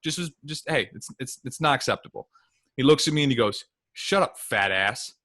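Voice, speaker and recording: A man from Michigan co-hosting a podcast, telling stories in a casual, animated way with quick asides. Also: mid-range voice. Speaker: podcast co-host.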